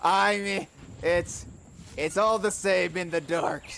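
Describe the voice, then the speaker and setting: A man on a comedy podcast, riffing as a pirate in a stammering, rambling way. His voice sits a touch higher than most men's. Faint ambient sound runs behind him. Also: fairly even intonation, slow, gravelly, a bit bright, a little hiss or hum. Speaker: podcast host. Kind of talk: improvised comedy banter in a pirate persona.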